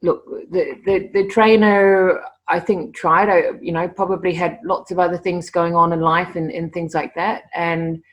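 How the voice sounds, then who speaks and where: Woman, middle-aged interview guest, lower voice, animated stories, stumbling restarts. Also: measured pace, lo-fi sound. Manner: animated, repeats words when starting sentences. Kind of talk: casual storytelling interview.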